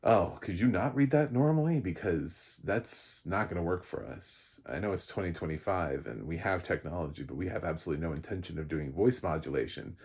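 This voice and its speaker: Man doing a prissy, polite producer, low husky voice. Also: animated, a little fast, hardly any pauses, darkish tone, exaggerated voice. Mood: patronizing. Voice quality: overly polite, patronizing. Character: polite, patronizing casting producer.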